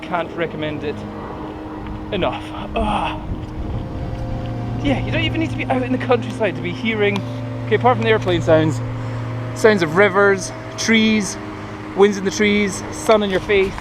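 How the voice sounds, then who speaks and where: A man in his thirties, a running vlogger, speaks in a high voice at moderate pace while jogging outdoors on paths near a city and filming himself. His casual chat is a bit breathless and rambling, backed by outdoor traffic and aircraft noise.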